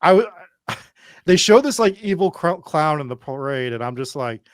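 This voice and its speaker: A man's voice: fairly high pitch, expressive, moderate pace, no echo, clean studio sound. A man co-hosting a horror movie review podcast, telling a story in easygoing, amused chat. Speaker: podcast co-host.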